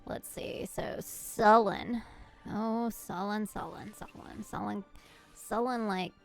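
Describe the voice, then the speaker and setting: A woman's voice: mid-range voice, steady tone, slow pace, gravelly, soft background music. A woman recapping a tabletop game in a chatty, giggly way, often interrupting herself.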